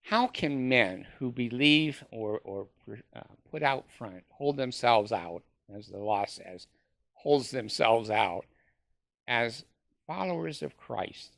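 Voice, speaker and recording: A man's voice: medium pitch, animated, takes it slowly, vocal fry, fairly bright tone, no room sound, studio quality. A man ranting in a sarcastic monologue, mocking with short laughs and stumbling over fillers. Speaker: former church member ranting to camera.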